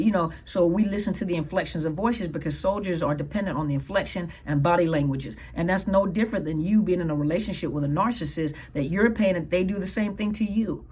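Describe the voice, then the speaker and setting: A woman's voice: on the low side, fast, hardly any pauses, a little mellow, breathy edge. A woman counselor giving earnest advice to viewers, emphatic and repeating her key points. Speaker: counselor and coach.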